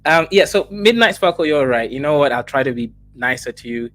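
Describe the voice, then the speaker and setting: A man provokes his opponent on a live panel, stammering into his points before pressing on. His voice is a touch high. The recording is dry and close. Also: animated, fairly bright tone, no echo. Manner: needling, deliberately provocative, stammering starts. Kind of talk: provocative live-stream debate.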